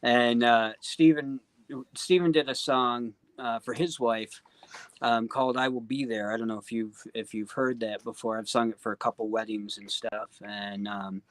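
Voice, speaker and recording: A man speaks as an interview guest, earnest and heartfelt. His voice sits at a plain middle pitch, and his talk wanders through "um" and "you know" as he thinks out loud. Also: fairly even intonation, normal speed, no room sound. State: choked up. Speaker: guest singer-songwriter.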